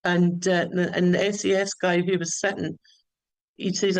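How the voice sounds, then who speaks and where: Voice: medium pitch, flat delivery, moderate pace, no echo, poor audio. A caller telling a story at length, often restarting and repeating words, on a remote line. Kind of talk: rambling storytelling.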